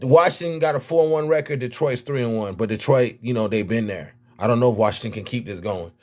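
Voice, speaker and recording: A man's voice: medium pitch, fast talker. A man with a Miami accent, a rapper and vlogger, talking casually about football with lots of slang and repeated words. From United States. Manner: animated, slangy, repeats himself. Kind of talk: casual sports talk vlog.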